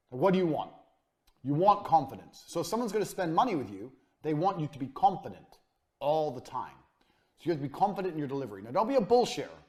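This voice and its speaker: A man teaching a business course in a blunt, emphatic motivational lecture style, with short punchy sentences and casual swearing, his voice falling quiet at the ends of phrases. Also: fairly high pitch, very animated, fast. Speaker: course instructor.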